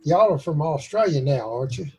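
A man's voice: fairly high pitch, animated, a little fast, over a noisy crowd, rough recording. A man with a Tennessee Southern accent, hosting a prayer group over a video call in a folksy, joking way. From Tennessee, USA. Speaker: host of an online prayer group. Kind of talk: casual chat on a video call.

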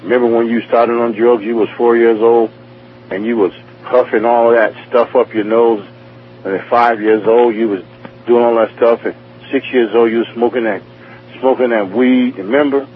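A man's voice: medium pitch, steady tone, normal speed, a little hiss or hum. A man from New York with a New York accent telling his personal testimony in a rambling, repetitive way, acting out dialogue. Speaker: testimony speaker. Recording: tinny phone-like radio broadcast.

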